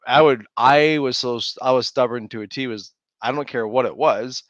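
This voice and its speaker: A man's voice: medium pitch, normal speed, fairly bright tone, dry recording, muffled recording. A man co-hosting a podcast, talking animatedly about parenting, laughing and acting out his kids' lines. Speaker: podcast co-host. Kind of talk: casual chat.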